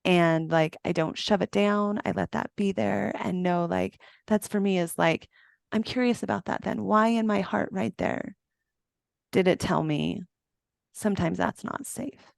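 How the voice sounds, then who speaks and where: A woman in her forties, a podcast guest and trauma embodiment coach, answering slowly and thoughtfully about healing and feeling things in her body. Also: mid-range voice, gravelly, no echo, studio quality. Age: 40s. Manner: slow, searching, emotional talk about the body. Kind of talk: reflective interview answer.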